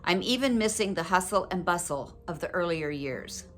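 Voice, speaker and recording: An older woman talking to her viewers in a personal, heartfelt vlog, reflective, gentle and earnest, with emotion close to the surface. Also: lowish voice, animated, moderate pace, faint music behind. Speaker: widow sharing advice with her viewers.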